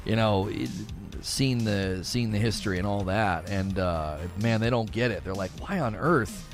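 A man hosting a casual livestream, reading viewer chat aloud and rambling in a relaxed way, often laughing and repeating himself. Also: on the low side, normal speed, music in the background.

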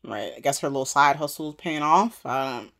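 A woman co-hosting a casual chat, retelling scenes with quick voices for the characters. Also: rumbling low, lively intonation, a bit bright. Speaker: podcast co-host recapping a TV episode.

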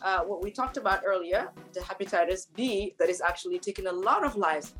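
A woman's voice: mid-range voice, fairly quick, a bit bright, soft background music. A woman co-hosting a talk show, telling stories in a chatty way and laughing often. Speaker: co-host. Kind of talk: casual chat.

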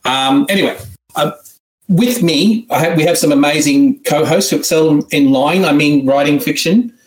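A man's voice: fairly high pitch, moderate pace. A man with an Australian accent hosts an online writing seminar in a casual, joking, rambling way with frequent restarts. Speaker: seminar host. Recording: roomy echo.

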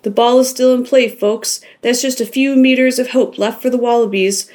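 Audiobook figure: loud, excited male rugby announcer, voiced by a woman narrator, pitched up. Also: unhurried, lightly acted. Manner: hollering play-by-play.

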